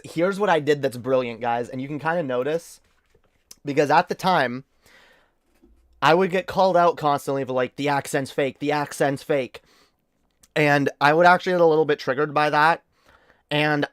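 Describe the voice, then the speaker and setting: A man streaming while tipsy, giving boastful, excitable, profane commentary on his old footage. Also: on the high side, no room sound, studio quality. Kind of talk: reaction livestream commentary.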